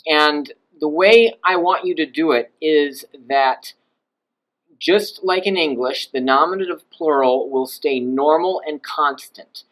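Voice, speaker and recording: A male language teacher giving a recorded lecture over slides, explaining patiently and voicing example phrases to show how his pitch rises and falls. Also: fairly bright tone, poor audio.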